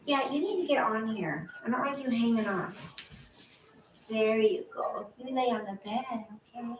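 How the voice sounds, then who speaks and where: A woman's voice: fairly high pitch, normal speed. An older woman chatting casually to her viewers, cooing baby talk to her dog. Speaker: vlogger. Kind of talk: casual chat to camera. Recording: echoey room, voice a bit off-mic, faint noise.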